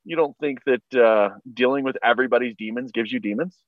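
A man's voice: mid-range voice, a little fast, no room sound, muffled recording. A man co-hosting a podcast, speaking casually with dry, wry remarks. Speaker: podcast co-host. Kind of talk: casual chat.

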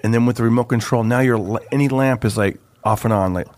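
A comedian guest on a podcast chats casually, rambling and restarting sentences midway as he explains things. He talks quickly in a mid-range, slightly mellow voice, and the recording is dry.

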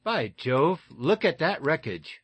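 A man's voice: medium pitch, lively intonation, unhurried, fairly bright tone. A man voicing a confident, hearty male naval lieutenant with emphatic exclamations.

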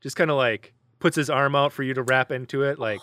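A man's voice: medium pitch, steady tone, a little fast, pushed and bright, no echo. A man narrating as game master in a loose, rambling way full of casual fillers.

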